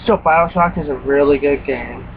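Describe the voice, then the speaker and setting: Animated young man, tinny recording. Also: fairly high pitch, normal speed, creaky. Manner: profane, animated retelling with quoted reactions. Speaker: gaming vlogger. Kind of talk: casual rambling story. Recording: tinny phone-like recording with faint hiss.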